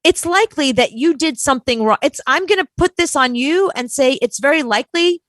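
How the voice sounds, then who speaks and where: A woman co-hosting a chat show, telling a story in an animated, exasperated way and acting out quotes. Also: high voice, fairly quick, dry recording. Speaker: podcast co-host.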